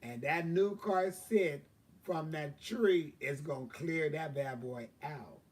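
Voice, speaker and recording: A man's voice: fairly high pitch, slow pace, far from the mic. A man telling a long story on his own live stream, casual and profane, with lots of fillers. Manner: profane, drawling, chatty with many fillers. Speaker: livestream host.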